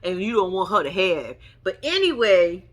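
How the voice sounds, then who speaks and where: A woman's voice: mid-range voice, moderate pace. A young woman giving casual reality TV recap commentary, sassy and mocking as she acts out the people she talks about. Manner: sassy, animated, mocking imitations.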